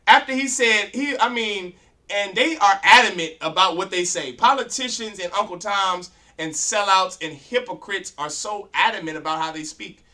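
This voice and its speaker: A man lectures a class like a street preacher, his voice pitched high and ringing bright. He is blunt and crude, throwing rhetorical questions at the room and demanding answers. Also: moderate pace. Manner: confrontational, fires rhetorical questions at students. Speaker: class teacher.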